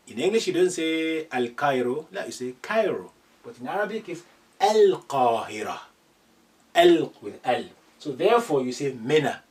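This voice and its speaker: A man teaches a beginners' language class, drawing out each word and repeating phrases so learners can follow along. His voice sits a little high and swings up and down a lot as he talks. He sounds some way off from the mic. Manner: slow and deliberate, repeating phrases and spelling out sounds. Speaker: Arabic teacher. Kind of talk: classroom lesson. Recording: distant from the mic.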